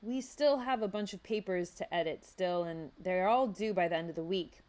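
A woman's voice: fairly low pitch, normal speed, a little mellow, natural voice. A woman voicing a polite, easygoing teenage boy fox who talks casually. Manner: casual, apologetic.

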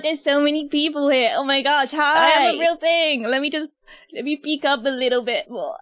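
A woman's voice: high-pitched, fairly quick, a bit bright, dry recording. Giggly, nervous British woman streamer. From Britain. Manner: giggly and nervous, talking to chat. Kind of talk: casual livestream chat.

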